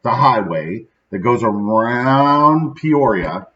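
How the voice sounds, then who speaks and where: Man from central illinois, thirties, casual motivational talk, rambling and upbeat, medium pitch, dull lo-fi sound. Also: animated, takes it slowly. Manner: rambling, upbeat, often adds "right?". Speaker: host of a daily motivational show.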